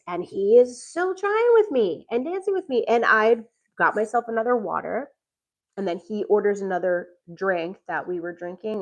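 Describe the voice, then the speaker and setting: A woman's voice: on the low side, creaky, poor audio. A middle-aged woman casually telling a story, laughing often and acting out what people said. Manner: animated, laughs often, acts out quoted lines. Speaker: podcast host telling a dating story.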